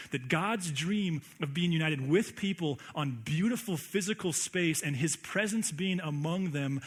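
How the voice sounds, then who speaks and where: Man preaching an emphatic casual sermon. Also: fairly high pitch. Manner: conversational, emphatic preaching with rhetorical questions. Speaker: pastor.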